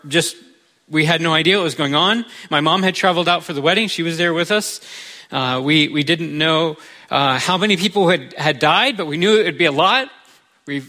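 A man's voice: on the high side, bright, forceful tone. A middle-aged American man, a pastor, giving a sermon in an earnest, conversational storytelling manner. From United States.

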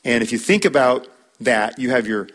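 A man's voice: mid-range voice, expressive, moderate pace, fairly bright tone. A man teaching a church class on marriage, talking in a conversational way, repeating words and using fillers.

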